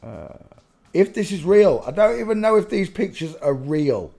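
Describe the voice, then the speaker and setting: A man talking casually to his viewers on his own channel. His voice sits a little high, and he rambles with restarts and the odd curse. He often slips into giggling. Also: sing-song, normal speed, gravelly, dark tone. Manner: rambling, swearing, prone to giggling fits. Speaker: channel host. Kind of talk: casual commentary.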